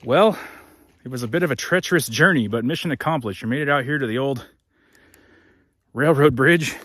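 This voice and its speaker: A man's voice: mid-range voice, a little fast, a bit bright, no echo. A man hosting a casual vlog outdoors in the hot desert, talking to his viewers in an easygoing, chatty way. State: out of breath. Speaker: vlog host.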